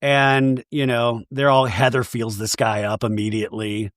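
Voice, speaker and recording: A man tells a reality-show recap with wry, casual humor and an easy storytelling lilt. His voice sits at an ordinary pitch. The sound is dry and close to the mic. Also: little pitch movement, moderate pace, dry recording. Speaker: podcast host. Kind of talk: comedic recap commentary.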